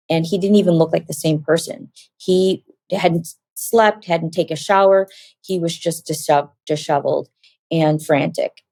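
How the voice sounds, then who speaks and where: A woman with a low, grounded voice tells a personal testimony, animated and vivid. She acts out the voices of the people she quotes, and the sound is close and dry with no room around it. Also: no echo. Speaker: guest giving a testimony.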